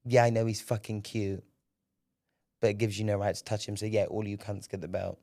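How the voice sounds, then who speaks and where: A young man hosting a solo podcast, telling a story in an animated, profane way. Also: lowish voice, fairly quick. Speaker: podcast host.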